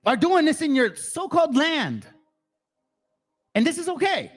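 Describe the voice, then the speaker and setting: A man's voice: extremely high pitch, big pitch swings, measured pace, heavy background noise. A man giving heated, profane commentary on video clips, ranting angrily.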